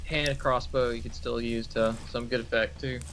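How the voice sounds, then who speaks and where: A man's voice: medium pitch, fairly even intonation, normal speed, background noise. A man playing in a tabletop game. He talks in an easygoing way with fillers. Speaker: player. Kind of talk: casual tabletop chat.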